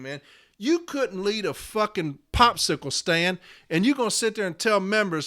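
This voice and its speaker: Man, fifties, angry profane rant, high-pitched, bright tense tone, podcast host. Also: expressive, moderate pace. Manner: furious, profane, confrontational. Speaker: podcast host and letter carrier.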